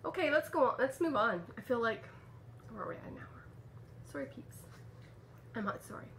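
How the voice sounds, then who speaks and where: Chatty Canadian woman, slightly high voice. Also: lively intonation, moderate pace, a bit bright, a little hiss or hum. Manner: chatty, rambling with fillers and restarts. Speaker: podcast host. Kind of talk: casual chat. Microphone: camera mic.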